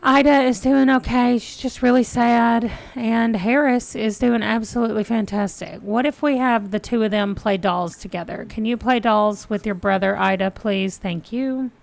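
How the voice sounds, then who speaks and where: A woman's voice: a little high, fairly even intonation, normal speed, vocal fry, few pauses, dry recording. A woman giving casual, chatty commentary on her gameplay and talking to the game characters. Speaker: gaming let's-play host.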